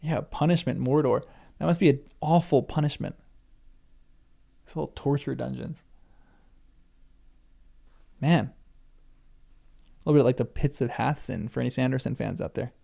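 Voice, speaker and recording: A man reads a novel aloud for the first time, pausing for casual asides and fixing his own slips as he goes. His voice is gravelly, with a mellow, darker tone. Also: medium pitch. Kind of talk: reading aloud with casual commentary.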